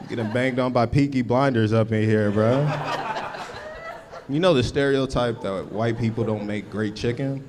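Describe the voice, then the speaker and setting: A man's voice: medium pitch, moderate pace, noisy background. A male stand-up comic from Los Angeles, working a live crowd. His punchlines come out loose and laid-back, and his talk is full of slangy asides. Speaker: stand-up comedian. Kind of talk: stand-up comedy set. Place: live comedy show before an audience.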